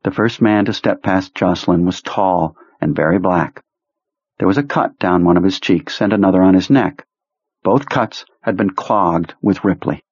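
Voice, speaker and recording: Husky, low-voiced man narrating. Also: darkish tone, no room sound, lo-fi sound. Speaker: audiobook narrator. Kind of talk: scripted narration.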